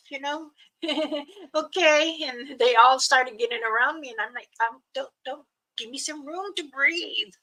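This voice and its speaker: A mother casually telling a personal story, chatty and laughing often, acting out her children's voices and hushing her own quoted words. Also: on the high side, low-quality recording.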